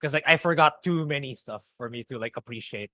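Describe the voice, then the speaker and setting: Man co-host, bright forceful tone, laughs easily, dry close recording. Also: medium pitch, a little fast, dry recording. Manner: laughs often, repeats words. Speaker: podcast co-host. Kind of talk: casual chat.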